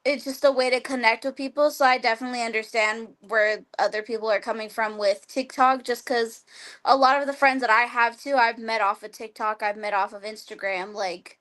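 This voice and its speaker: A talkative woman speaks as a guest on a streamed interview over a video call. Her voice sits a little high, and she rambles casually, with constant "like" fillers and easy laughter. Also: fairly even intonation, fairly quick, fairly bright tone. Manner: chatty, lots of "like", laughs often. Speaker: guest wrestler.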